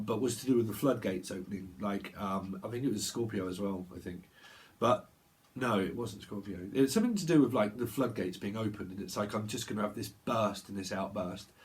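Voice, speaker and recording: Rambling British man doing tarot readings. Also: on the low side. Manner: rambling, free-associating, trailing off and self-correcting. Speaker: tarot reader. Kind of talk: psychic tarot reading monologue.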